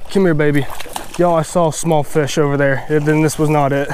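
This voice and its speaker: A young man filming a fishing vlog outdoors at a pond, excitable and chatty, often repeating himself and saying "y'all". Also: on the high side, a little fast, smooth. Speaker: fishing vlogger. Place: outdoors at a shallow pond bank.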